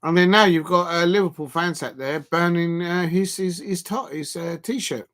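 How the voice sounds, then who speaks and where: A man hosting a live football watch-along, talking haltingly with fillers and breaking into loud emphatic outbursts at the action. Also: high voice. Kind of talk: live match reaction commentary.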